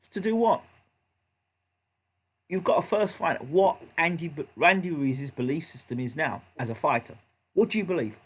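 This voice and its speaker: A man's voice: a little high, slightly rough. A man hosting a live boxing reaction stream, emphatic and repetitive, often checking in with his audience. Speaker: vlog host.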